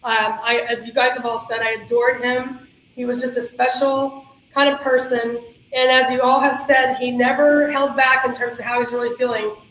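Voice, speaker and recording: A woman's voice: on the high side, little pitch movement, normal speed, a bit bright. A woman moderating a panel, prompting each guest by name in a casual, friendly way. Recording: echoey room with faint hiss.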